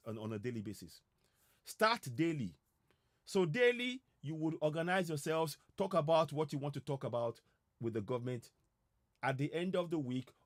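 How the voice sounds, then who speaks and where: A political commentator with a medium-pitched voice delivers an impassioned broadcast address, urgently and repeatedly calling on listeners to act. The sound is clean studio quality with no echo.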